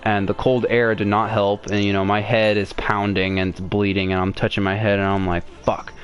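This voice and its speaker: On his podcast, a young man delivers a long personal story in a rambling, foul-mouthed way, full of restarts and fillers. His lowish voice is flat and fairly quick, with soft music in the background.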